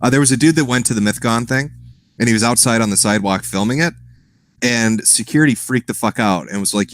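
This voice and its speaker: A man's voice: mid-range voice, fast talker, a bit bright, no echo. A man chatting casually as a podcast guest, rambling and profane, often breaking into laughs.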